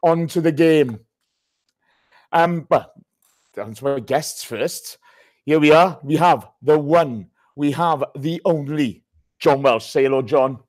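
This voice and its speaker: A man hosts a live podcast over a video call in a slightly high voice. He is loud and excitable, swears freely and shouts out chat names as they come in. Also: slow pace. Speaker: podcast host.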